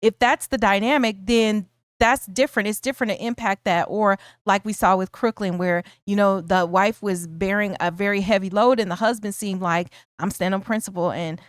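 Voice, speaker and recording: Smooth-voiced woman co-hosting a film chat. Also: mid-range voice, steady tone, normal speed, hardly any pauses, dry recording, clean studio sound. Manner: thoughtful, many restarts, bursts of laughter. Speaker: podcast co-host. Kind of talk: casual film discussion.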